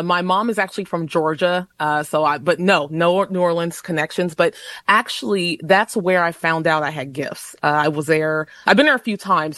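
Woman, paranormal investigator, expressive, slightly low voice, dry sound. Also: no echo. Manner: expressive, rising pitch when stressing a point. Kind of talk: radio call-in chat. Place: Los Angeles.

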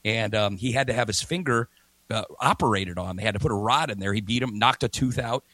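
A man with a lowish, pushed, bright voice talks fairly quickly while hosting a morning radio talk show. He chats energetically and reads ads with emphatic repetition, broadcasting remotely from a hotel or home setup with no room sound.

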